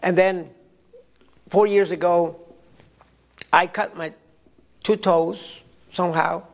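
An older man from Mexico delivers a sermon, stopping often and repeating words as he tells personal stories. His voice sits high for a man and has a gravelly edge. He speaks at an unhurried pace. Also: fairly even intonation. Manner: halting, repeats words, storytelling. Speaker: preacher.

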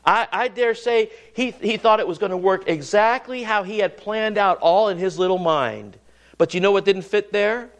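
Male preacher with a high-pitched voice, earnest, sermon cadence full of restarts. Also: normal speed. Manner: earnest, repeats and restarts words, rises and drops pitch for emphasis.

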